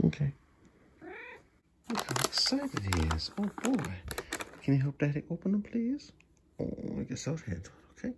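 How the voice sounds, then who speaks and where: A man's voice: on the high side, wildly swooping pitch, normal speed, vocal fry, pauses often, darkish tone, husky. A man talking to his cat at home in a doting baby-talk voice. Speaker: pet vlogger. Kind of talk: casual talk to a pet cat.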